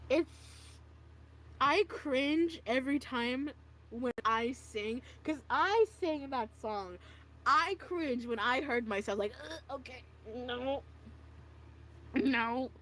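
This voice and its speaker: High-voiced young woman cringing at herself. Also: expressive, takes it slowly, a bit bright. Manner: self-mocking, dramatic groans and giggles. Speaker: video creator. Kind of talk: casual vlog reacting to own old art.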